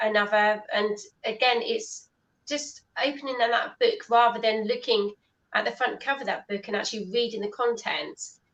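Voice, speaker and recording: A woman hosting a casual online interview, her voice sitting a little high. She talks eagerly and keeps tossing in tag questions to pull her guests in. The call audio is dull and lo-fi. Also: steady tone, moderate pace, a bit bright. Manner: chatty, enthusiastic, frequent tag questions. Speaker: talk show host.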